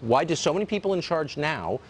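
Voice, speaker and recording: A male host of a televised news show questions his guest and then turns to commentary. His voice sits somewhat high, with pitch that moves a lot. He asks pointed questions, sometimes stumbling over the first words. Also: sing-song, a little fast, a little hiss or hum. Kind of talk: live TV news interview and commentary.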